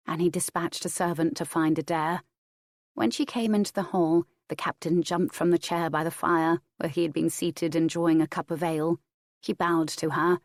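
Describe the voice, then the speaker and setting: Low-voiced woman narrating an audiobook. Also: dry recording, studio quality. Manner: steady, measured reading. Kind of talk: scripted narration.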